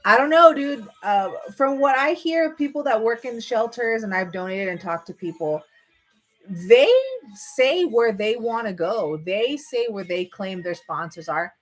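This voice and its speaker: A woman's voice: fairly high pitch, expressive, unhurried. Woman vlogger, loose chatty delivery, lots of restarts and "dude", at her computer in bed. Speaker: vlogger on a livestream. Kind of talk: rambling casual chat. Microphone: computer microphone.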